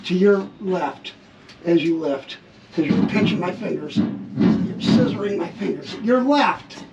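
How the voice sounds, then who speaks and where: In a lo-fi clip with heavy background noise, a vlogger fixing his RV casually walks viewers through the repair step by step as he speaks to the camera. His voice is high and creaky, with lively intonation and a measured pace. He's in a workshop area around a vehicle frame.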